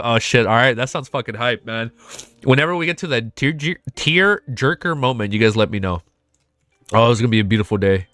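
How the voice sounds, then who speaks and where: A male streamer reacting excitedly and emotionally on a live stream, swearing often, his nose congested from a cold. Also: medium pitch, dry recording. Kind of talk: live reading reaction chat.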